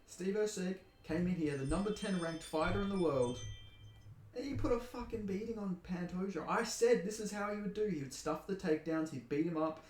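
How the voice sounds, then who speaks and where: A man's voice: high voice, a little mellow, reverberant. An Australian man from Perth, ranting heatedly and with lots of swearing about a fight decision he thinks was a robbery. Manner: heated, profane, indignant ranting. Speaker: MMA commentator. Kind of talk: angry fight reaction rant.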